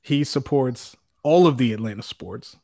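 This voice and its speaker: A man hosting a casual sports talk show, animated, laughing often and restarting his sentences. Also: medium pitch, moderate pace, creaky. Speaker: podcast host.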